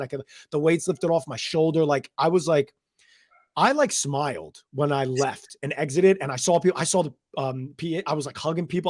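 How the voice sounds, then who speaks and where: A man's voice: fairly high pitch, fast, no echo. Young male guest from New Jersey, rambling storyteller, dry close sound. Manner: rambling, animated retelling with many "I was like" quotes. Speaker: interview guest. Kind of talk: casual storytelling interview.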